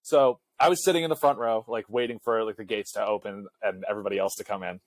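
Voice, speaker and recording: A man's voice: on the low side, fairly even intonation, fast talker, no room sound. A young man, a college student, co-hosting a casual chat and telling a rambling story full of "like" and filler words. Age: young adult. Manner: rambling, heavy use of filler "like". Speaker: podcast co-host; college student section leader.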